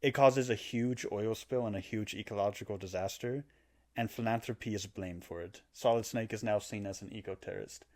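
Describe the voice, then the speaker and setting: On a podcast he co-hosts, a man with a lowish voice briskly retells a video game plot. He keeps it casual and animated, now and then voicing the characters and laughing as he goes.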